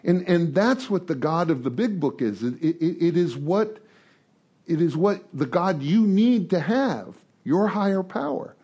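A man's voice: high voice, animated, measured pace, mellow, breathy edge. A man speaking informally to a recovery group, joking and repeating words as he thinks aloud. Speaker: speaker leading a twelve-traditions study series.

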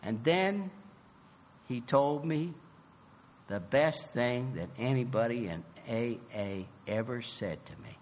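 A man giving a personal recovery testimony, animated and emphatic, acting out both sides of a conversation. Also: mid-range voice, slow, big-room sound, a little hiss or hum. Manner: emphatic, swings from loud to soft. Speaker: recovery meeting speaker.

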